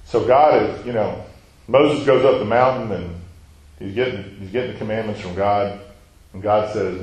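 A man's voice: on the low side, fairly even intonation, fairly quick, a little mellow, roomy sound, lo-fi sound. A man preaching a sermon, teaching and asking his listeners questions, acting out quoted lines and sometimes dropping to a near whisper.

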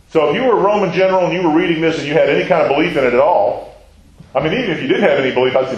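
A man's voice: a little high, animated, fast, lo-fi sound. Chatty male Bible teacher, echoey room. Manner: asks the audience questions, chatty asides. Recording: roomy echoing hall.

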